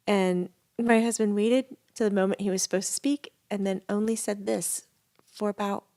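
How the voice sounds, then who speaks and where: A woman's voice: medium pitch, fairly even intonation, brisk, mellow. A woman co-hosting a casual podcast, telling stories animatedly and laughing often. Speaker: podcast co-host and medium. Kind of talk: casual chat.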